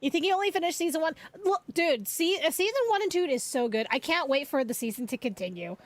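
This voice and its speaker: A young woman streamer chatting casually with her viewers, rambling, animated and laughing often. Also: high voice, fast talker.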